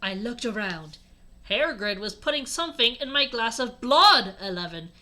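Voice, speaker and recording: Brief: bright-voiced young woman, a touch high, deadpan comic reader. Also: moderate pace. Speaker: host reading a fanfic aloud. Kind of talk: comic dramatic reading.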